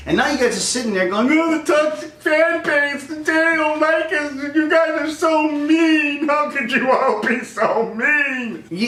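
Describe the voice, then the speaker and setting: A middle-aged man rants with heated energy, his pitch swinging wildly as he acts out voices. His voice sits a bit high for a man. The room is echoey, the mic is some distance away, and faint noise hums underneath. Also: a bit bright. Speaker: vlogger. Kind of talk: angry rant.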